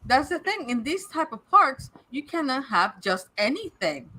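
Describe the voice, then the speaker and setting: A woman's voice: sits high, very animated, normal speed, sharp tone, slightly rough, poor audio. A woman chatting casually and switching between Spanish and English. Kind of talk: casual chat.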